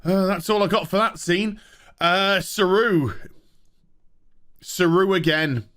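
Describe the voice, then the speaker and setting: A man with a high, bright voice rants about a TV episode, full of sarcasm and swearing. He chuckles at his own jokes and breaks into loud outbursts, and his tone is sharp and forceful. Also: takes it slowly. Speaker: TV show reviewer. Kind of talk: ranting casual commentary.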